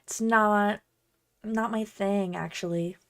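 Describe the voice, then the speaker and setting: A woman's voice: mid-range voice, fairly even intonation, slow. Woman voicing a tiefling mascot girl, put-on Southern drawl, lazy, unbothered, dismissive. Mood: lazily dismissive. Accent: put-on American Southern.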